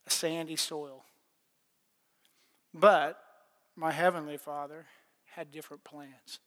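Middle-aged preacher guy, folksy and plainspoken, kinda high voice, long echo like a big church. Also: a bit bright. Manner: plainspoken, folksy testimony with laughs and repetitions. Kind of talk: sermon. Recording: long hall reverb.

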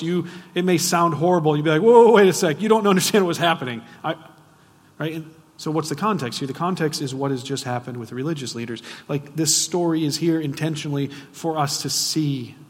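A man preaching a sermon, asking the audience frequent rhetorical questions and swinging between hushed and loud, emphatic delivery. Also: mid-range voice. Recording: long reverb of a large hall.

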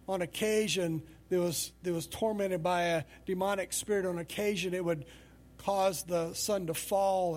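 A male pastor preaching a sermon in a conversational, storytelling way. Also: high voice.

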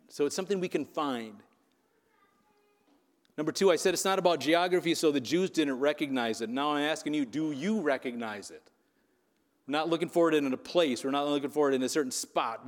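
The voice of this man, a pastor giving a sermon, sits on the high side, and the sound is that of a big room. He keeps it conversational, repeatedly asking the congregation "right?".

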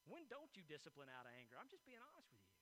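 High-voiced bright preacher, a man. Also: huge pitch swings, fast, a little hiss or hum, rough recording. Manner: storytelling with repeated words and rising emphasis. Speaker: pastor. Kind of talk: sermon.

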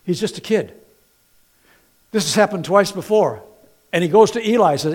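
A middle-aged man preaching a sermon in an animated way, swinging from quiet to loud, telling stories with folksy, playful asides. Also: sits high, moderate pace. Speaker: pastor.

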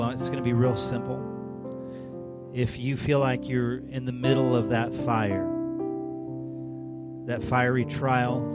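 A man pastor closing a service, giving plain conversational instructions. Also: medium pitch. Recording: loud music playing under the voice.

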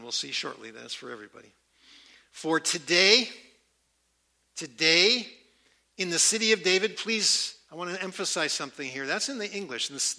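A man preaching a sermon, emphatic and repeating key words with slow, deliberate stress. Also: on the high side, creaky, sharp tone. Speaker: pastor.

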